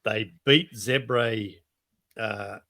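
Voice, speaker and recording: A man's voice: fairly low pitch, extremely slow, vocal fry, bright, forceful tone. A man co-hosting a rugby podcast, chatting casually and running through results with frequent restarts. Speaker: podcast co-host.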